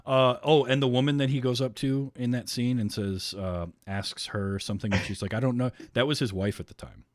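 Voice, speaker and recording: A man's voice: medium pitch, steady tone, brisk, no room sound, clean studio sound. A man hosting a podcast, chatting casually about a film with friends, laughing often and tossing in sarcastic asides. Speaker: podcast host. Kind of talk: casual chat.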